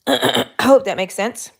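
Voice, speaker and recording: Her voice is on the high side, slow, gravelly, and husky. A woman with a Texan accent, she hosts a relaxed crochet livestream, chatting with viewers and herself while she stitches.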